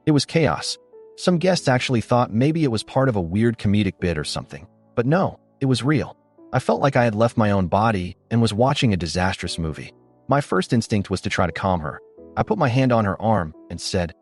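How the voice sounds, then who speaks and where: A man giving scripted first-person narration of a story in a steady, animated storytelling delivery. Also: on the low side, moderate pace. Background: faint background music.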